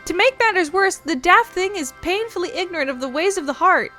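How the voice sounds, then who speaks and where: Woman voicing a high, flustered little moogle postman, formal and grumbling, game role. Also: lively intonation, a little fast, sharp tone, faint music behind, exaggerated voice. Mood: fussy exasperated. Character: fussy harried little male moogle courier.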